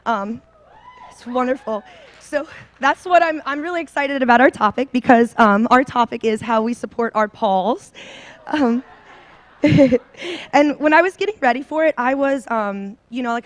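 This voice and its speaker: A woman's voice: fairly high pitch, moderate pace. A woman in her thirties speaking to a seminar audience on a handheld mic, bubbly and a little nervous, full of ums and likes. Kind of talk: personal talk to an audience. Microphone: handheld microphone.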